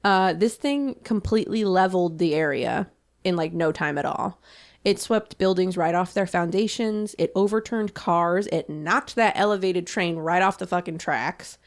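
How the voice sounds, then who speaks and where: A woman's voice: fairly low pitch, normal speed. A woman co-hosting a podcast, telling a history story in casual chat, peppered with swearing, fillers and laughs. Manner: swears freely and laughs often, many "like" fillers. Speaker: podcast co-host.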